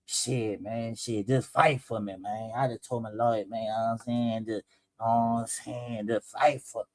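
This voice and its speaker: A man's voice: medium pitch, flat delivery, normal speed, pitched below the performer's own voice, natural voice. A man doing a mumbling, defeated young man. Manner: mumbled, quiet.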